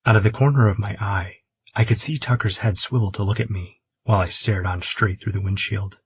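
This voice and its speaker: A man narrating a romance audiobook in a steady, husky voice. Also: on the low side, a little fast. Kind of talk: scripted narration.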